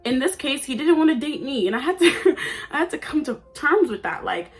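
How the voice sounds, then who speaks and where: A woman's voice: high-pitched, big pitch swings, moderate pace. 19 yr old girl rambling to camera, chatty and oversharing, faint music behind. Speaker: vlogger. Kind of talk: casual chat. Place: at home under a ring light.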